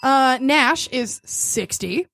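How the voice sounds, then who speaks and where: Giggly woman with lively high voice. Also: very slow, vocal fry, very noisy. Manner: giggly, animated, reads messages aloud. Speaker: podcast co-host. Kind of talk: casual chat.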